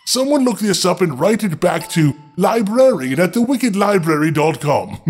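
A high-voiced man reads a fairy tale with a very lively, up-and-down delivery. He keeps stopping to make sarcastic jokes, and faint music plays behind him. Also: moderate pace, husky. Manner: sarcastic, joking interruptions. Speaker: storyteller host. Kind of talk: fairy tale reading with comic asides.

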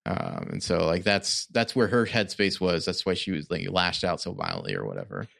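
A man's voice: sits low, animated, moderate pace, creaky, a bit bright. A man co-hosting a podcast, recapping a TV episode in loose, rambling casual chat full of restarts. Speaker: podcast co-host.

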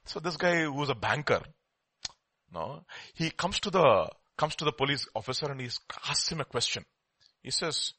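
A man preaching a sermon, swinging between quiet asides and loud emphatic lines, acting out the people in his stories. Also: medium pitch, moderate pace, slightly rough, no room sound. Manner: animated preaching, acts out quoted dialogue, swings from quiet to loud. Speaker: pastor.

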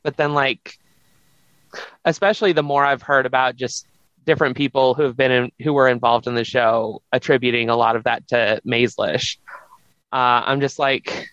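A man's voice: medium pitch, steady tone, moderate pace, a bit bright, dry recording. Hesitant male caller on a lo-fi line. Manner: hesitant, lots of fillers and restarts. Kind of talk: casual call-in chat. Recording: dull lo-fi dry line.

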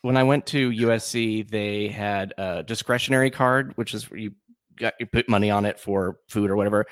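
A man's voice: lowish voice, fairly even intonation, a little fast, no echo. A man from Washington State hosting a podcast in casual chat, rambling with lots of fillers and restarts. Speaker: podcast host.

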